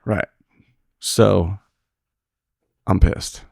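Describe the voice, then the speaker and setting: A man's voice: sits low, steady tone, very slow, vocal fry, a little mellow, no room sound, studio quality. A man who is a rodeo roper and father, a podcast guest telling blunt, profane stories full of quoted dialogue in a casual interview.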